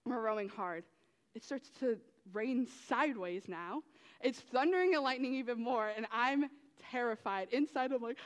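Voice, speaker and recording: A woman's voice: on the high side, normal speed. Young woman telling a story in a hall. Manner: animated storytelling with many fillers. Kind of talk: testimony talk to youth. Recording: long hall reverb.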